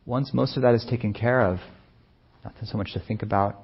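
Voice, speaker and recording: A man speaking as a meditation teacher in a soft-spoken, unhurried, musing way, with many pauses. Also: lowish voice, fairly even intonation, gravelly, husky, highs cut off. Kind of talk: reflective dharma talk.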